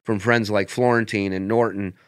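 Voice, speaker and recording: A male comedian on a podcast telling casual, profane stories in an animated way. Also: lowish voice, normal speed, clean tone, no room sound, studio quality. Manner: animated, profane anecdotes with laughs. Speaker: guest comedian.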